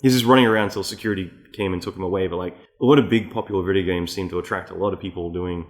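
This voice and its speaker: A low-voiced man with an Australian accent hosts a relaxed interview chat. He rambles from one story to the next, animated and quick to curse. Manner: rambling, animated storyteller who swears casually. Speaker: podcast host.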